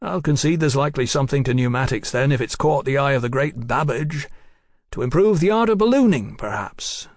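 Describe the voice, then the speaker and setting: A man's voice: medium pitch, expressive, fairly quick, no room sound, clean studio sound. A man doing a wry, skeptical scientist.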